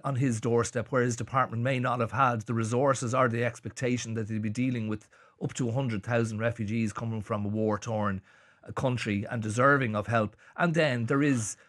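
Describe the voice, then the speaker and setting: A man with an Irish accent discussing news as a radio panelist, speaking haltingly with frequent restarts and fillers. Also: medium pitch, a bit bright, no room sound, clean studio sound. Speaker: journalist panelist. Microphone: studio microphone.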